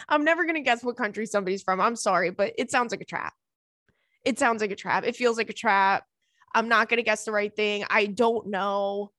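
A young adult woman hosting a podcast, telling stories in a casual, animated way, laughing often and acting out what her friends said. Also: medium pitch, moderate pace, dry recording, clean studio sound. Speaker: podcast host. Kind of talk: casual storytelling chat.

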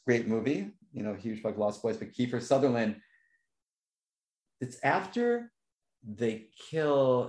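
A man chatting casually, telling stories with lively jumps into a higher voice when he quotes reactions. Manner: animated storyteller, voice jumps high for quoted reactions. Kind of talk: casual chat. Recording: echoey room.

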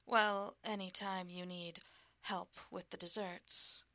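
A woman voicing a shy young male sous-chef in a whispered role-play, breathy and eager. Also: on the low side, level tone, slow pace, pushed and bright, no echo, heavily acted.

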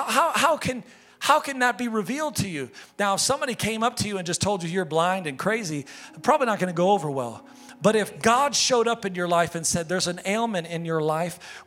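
A male pastor delivers an impassioned sermon in a high, bright voice. He rises to shouted cries and falls back to hushed appeals. Soft music plays faintly behind him.

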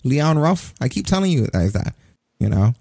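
A man's voice: a little high, big pitch swings, moderate pace, creaky, mellow, breathy edge, no room sound. A man in his forties ranting profanely in a casual podcast chat. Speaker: podcast co-host. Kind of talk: casual wrestling review chat.

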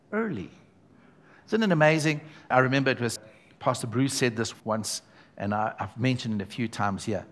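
A man's voice: on the low side, a little hiss or hum. A man preaching a sermon to his church, emphatic and conversational, calling out to the congregation as he goes. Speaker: pastor.

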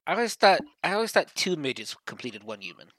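Man, slightly high voice, lively pitch, teasing crude banter, dry close sound. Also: fast, no room sound. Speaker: podcast co-host. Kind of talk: casual chat.

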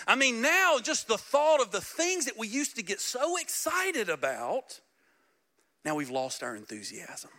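A male pastor preaching in a church with a high, bright voice. He is animated and playful, throwing questions straight out to his congregation. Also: a little slow. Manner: animated, joking, talks directly to the congregation. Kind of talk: sermon. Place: church sanctuary.

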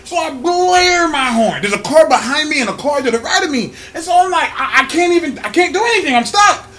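A young Californian podcast host tells a story in a casual chat, his voice very high and his pace brisk. He's animated and profane, laughing often as he speaks.

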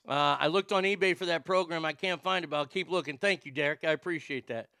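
A man hosting his own podcast, reading listener mail in a profane, excitable, rambling way. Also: on the high side, fast talker, dry recording, clean studio sound. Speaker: podcast host.

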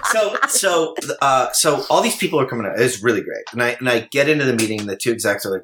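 A man's voice: mid-range voice, expressive, quick pace, few pauses, fairly bright tone. A man talking casually as a podcast guest, telling stories with many ums, restarts and laughs. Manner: rambling storyteller with many fillers and restarts. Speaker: guest, TV writer-producer. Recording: roomy echo with faint noise.

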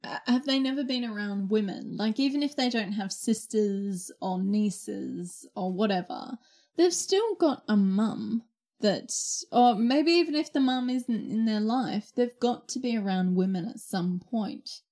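A young adult woman chats casually, exclaiming often as she tells lively stories. Her voice is mid-range and her pace is measured.

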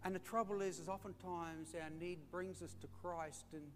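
A middle-aged Australian pastor preaches at a moderate pace, his high voice fairly even in intonation. His sermon is folksy storytelling addressed to mates and friends, recorded in an echoey hall with a faint hum.

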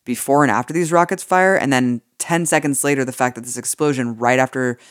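A woman's voice: extremely low pitch, brisk, no room sound. A woman co-hosts a political talk podcast in a casual, indignant way. She swears freely and fills her talk with "like." Her voice sits close and dry, with no room around it. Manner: indignant, profane, many "like" fillers. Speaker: podcast co-host.

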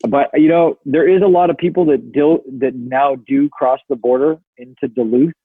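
A man's voice: medium pitch, normal speed, husky, dry recording. Man on a tinny phone line. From Canada. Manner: dry, deadpan jokes, swears. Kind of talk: casual chat.

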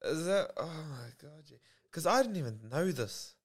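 A man hosting a casual chat, relaxed and prompting with sweary asides. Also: a little high, normal speed, slight background noise.

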